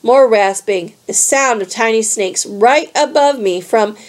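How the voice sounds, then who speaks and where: A woman's voice: fairly high pitch, measured pace. Woman reading a novel aloud. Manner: steady, clear storybook reading. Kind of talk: read-aloud narration.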